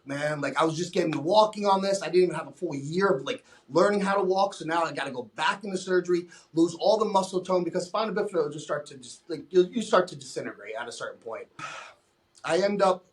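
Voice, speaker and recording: A young adult man, a podcast guest, telling his own story candidly in a blunt, profane way, often restarting his sentences. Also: on the high side.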